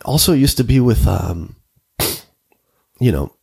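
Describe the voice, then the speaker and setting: A man's voice: mid-range voice, lively intonation, a little slow, gravelly, a little mellow, slightly rough. A man hosting a casual conversation, telling a rambling, anecdotal story. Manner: rambling, anecdotal, many fillers.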